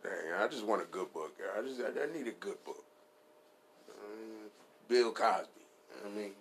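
A man with a fairly low voice riffs through a loose, profane comic rant. He rambles from one bit to the next, laughs at his own jokes and keeps the talk casual and unpolished. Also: normal speed, slight background noise.

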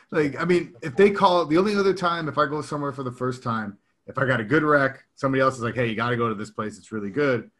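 A man's voice: medium pitch, fast, a bit bright. A man in his thirties or forties co-hosting a podcast in casual, rambling chat, laughing often as he talks. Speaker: podcast co-host.

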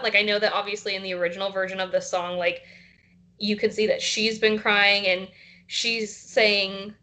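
A woman's voice: medium pitch, steady tone, moderate pace, bright, forceful tone. A young woman co-hosting a podcast, chatty and giggly, with lots of "like". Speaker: podcast co-host. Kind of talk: casual chat.

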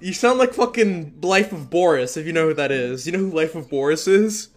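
A young man co-hosting a podcast in crude, excitable banter, swearing and laughing a lot. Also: a little high, fairly quick, soft background music. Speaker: podcast co-host.

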